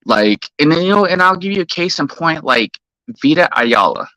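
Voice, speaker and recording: A man hosting a live stream, ranting heatedly and profanely while shouting out viewers in the chat. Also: on the high side, sing-song, normal speed, dry recording, low-quality recording.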